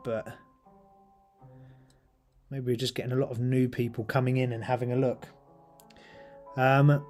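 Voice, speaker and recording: A man's voice: a little high, a little mellow. Chatty British man hosting a live stream. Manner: chatty, rambling, with many ums and uhs. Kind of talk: casual live-stream chat while painting miniatures.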